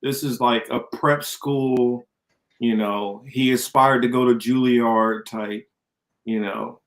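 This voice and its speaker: A man's voice: medium pitch, steady tone, takes it slowly. Rambling man on a casual podcast. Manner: loose, rambling, reads chat comments aloud. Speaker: co-host. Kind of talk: casual political podcast chat.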